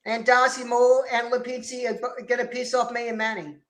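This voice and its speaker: A man's voice: very high voice, flat delivery, brisk, a bit bright. A man chatting as a stream guest, blunt and mock-outraged. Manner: blunt, exaggerated complaining. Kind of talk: casual live-stream chat.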